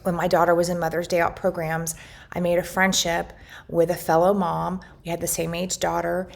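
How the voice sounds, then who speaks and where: A middle-aged woman tells her family's story to the camera with earnest feeling. Her voice is fairly low, level, and creaky at a moderate pace, and she often restarts sentences while retelling conversations.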